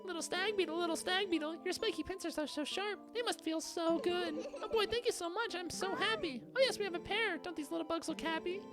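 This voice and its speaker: An eccentric girlish princess who adores bugs gushes over them in a breathy, doting coo, as a woman puts her on in a high, sing-song voice. She sounds sweet and unsettling at once. Game music plays steadily under her. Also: a little fast, few pauses. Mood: gushing. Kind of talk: reading game dialogue aloud in character.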